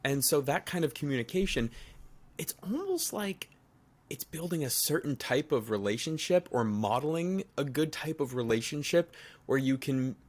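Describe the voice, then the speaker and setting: A man's voice: fairly high pitch, big pitch swings, normal speed. A man co-hosting a casual podcast, thinking aloud as he restates points and builds an argument. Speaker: podcast co-host.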